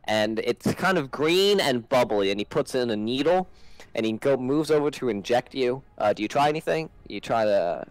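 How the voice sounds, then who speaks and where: A man's voice: medium pitch, lively intonation, normal speed, smooth, no room sound, rough recording. A man narrating as game master in a tabletop game, rambling and hesitant with many fillers.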